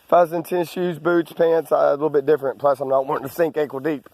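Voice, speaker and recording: A man's voice: a little high, level tone, quick pace, darkish tone, no room sound. Rambling man outdoors. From Arkansas. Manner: meandering, with many restarts and asides. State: out of breath. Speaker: landowner vlogger. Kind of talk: rambling outdoor walk-and-talk. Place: outdoors on rural land.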